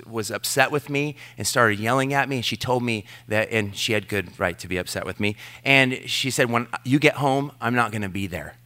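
A middle-aged male pastor delivers a sermon in a bright, crisp, clear voice. He is earnest and tells personal stories with self-deprecating asides. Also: mid-range voice.

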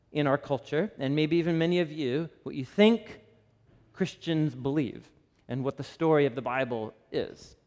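A man in his thirties preaching a conversational sermon as a pastor, animated and chatty, often checking in with the crowd. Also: fairly high pitch. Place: church sanctuary. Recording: long reverb of a large hall.

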